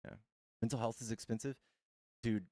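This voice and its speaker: A man's voice: medium pitch, steady tone, normal speed, warm tone, no room sound. Casual male streamer, crude banter, dry studio sound. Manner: crude, joking, addresses chat. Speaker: streamer host. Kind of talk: live-stream chat.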